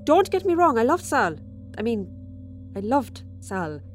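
A woman's voice: on the high side, sing-song, measured pace, faint music behind. A woman performing a dramatic monologue as a chatty, tipsy Irish widow who confides over dinner, with sudden flashes of resentment. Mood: confiding. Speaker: storyteller.

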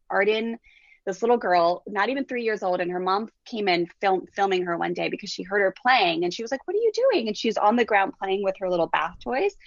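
A woman's voice: mid-range voice, gravelly, no room sound. A woman in her forties, a parenting coach, telling stories in a casual interview and acting out the quotes. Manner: animated, acts out quotes in different voices. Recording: dull dry lo-fi recording.

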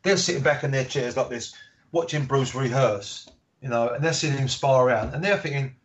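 A man's voice: mid-range voice, moderate pace. A man, an author, telling anecdotes in a casual interview and acting out the voices of the people he quotes. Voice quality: animated storyteller, acts out quoted voices. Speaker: author guest. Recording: dull lo-fi audio.

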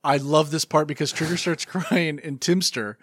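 High-voiced man joking about a film. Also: steady tone, moderate pace, a bit bright, breathy edge. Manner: laughing, profane. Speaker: podcast co-host. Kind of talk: casual chat.

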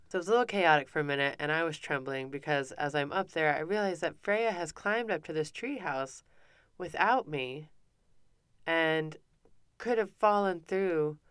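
A woman in her thirties, a podcast host, telling a personal story in a casual, animated way with many restarts. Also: deep voice, clear, resonant tone, no room sound, clean studio sound. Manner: animated, breathless retelling with many restarts and acted quotes.

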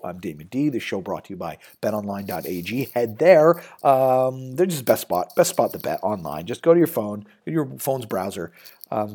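A man's voice: medium pitch, dark tone. A man hosting a sports betting show, talking loosely and rambling with lots of fillers and restarts. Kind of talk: casual sports betting talk.

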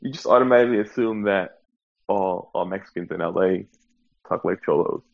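A man from the US East Coast chatting casually on a podcast, teasing and quick, with lots of "like". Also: deep voice, vocal fry, muffled recording. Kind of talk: casual chat.

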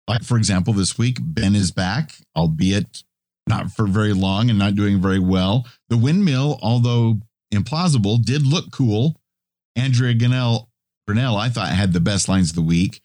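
A man co-hosting a podcast in casual chat, with a relaxed, wry way of talking. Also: fairly low pitch, moderate pace, no echo, studio quality. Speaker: podcast co-host.

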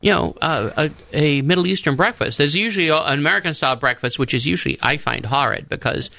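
A man's voice: a little high, animated, fast, vocal fry, sharp tone, no room sound. A man, a priest and guest on a radio talk show, telling rambling stories in a casual discussion with many restarts. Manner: rambling storyteller, restarts often. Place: radio studio.

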